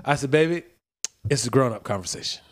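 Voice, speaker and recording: A man's voice: mid-range voice, expressive, fast talker. A man in his thirties co-hosting a podcast, chatting casually, laughing often and acting out voices in his stories. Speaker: podcast co-host. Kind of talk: casual chat.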